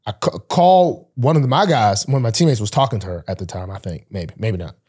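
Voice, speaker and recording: A young man holds forth in casual podcast chat, his voice slightly husky. He swings his pitch widely, jumping high whenever he mimics someone in the story. The talk is loose and full of restarts. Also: a little fast. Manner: animated, acts out quoted voices with big pitch jumps. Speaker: podcast host, pro football player.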